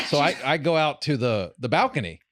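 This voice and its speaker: A man's voice: fairly high pitch, very animated, moderate pace, fairly bright tone, no room sound. A man hosting a podcast, telling a long rambling story with plenty of swearing and restarts. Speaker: podcast host. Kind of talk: casual podcast chat.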